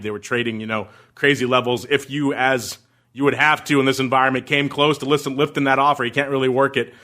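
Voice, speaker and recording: A man's voice: medium pitch, bright, forceful tone. A man hosting a podcast in casual chat, joking and laughing as he reads listener messages. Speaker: podcast host.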